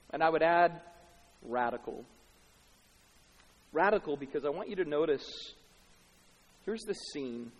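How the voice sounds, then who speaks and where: A man preaching a sermon, swinging dramatically between hushed, quiet passages and loud, shouted peaks. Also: fairly high pitch, expressive, measured pace, pauses often, highs cut off. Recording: long hall reverb.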